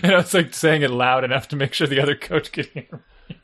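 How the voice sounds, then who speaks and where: A man's voice: fairly high pitch, fast, fairly bright tone. A middle-aged man, a youth soccer coach and parent, chatting casually and acting out example lines as he explains. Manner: talkative, explains with acted-out examples. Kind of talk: casual chat.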